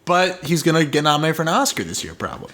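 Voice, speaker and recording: A man with a rather high voice co-hosts a casual podcast. He talks bluntly and mocks what he didn't like, swearing as he goes. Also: very animated, very fast, fairly bright tone. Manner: blunt, mocking, profane. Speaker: podcast co-host. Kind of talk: casual chat.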